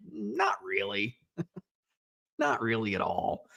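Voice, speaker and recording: With a mid-range, sing-song voice and a fairly bright tone, a male podcast host from Illinois reads viewer comments during a casual live show. He speaks at a moderate pace and rambles, dropping in lots of fillers and asides.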